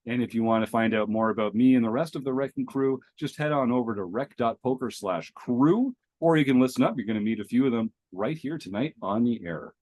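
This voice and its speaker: A man with a medium-pitched voice hosts a poker podcast, bubbling with gratitude and energy as he opens the show. He talks in an easy, chatty way, full of little fillers, and reads the sponsor thanks with real warmth. The sound is close and dry, like a home studio mic. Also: a little fast, hardly any pauses, no echo. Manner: enthusiastic, grateful, chatty with fillers. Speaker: podcast host.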